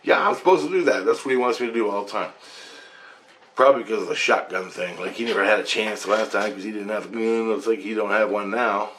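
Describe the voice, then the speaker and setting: Low-voiced man excitedly rambling through a dream story. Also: fast, slight background noise. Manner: rambling and excitable, swearing freely. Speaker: vlogger.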